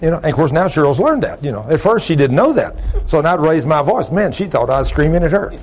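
An older man preaching a folksy sermon, talking loud and gruff, telling plain-spoken stories and asking the congregation questions. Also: on the high side, sing-song, quick pace. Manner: loud, gruff, rising into shouts when acting out stories; plain-spoken, ungrammatical storytelling with audience questions.

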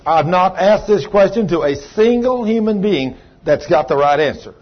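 Folksy preacher with a husky voice. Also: male voice, high voice, expressive, normal speed, muffled recording. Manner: folksy, calls on congregation members by name. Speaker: pastor. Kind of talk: sermon. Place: church.

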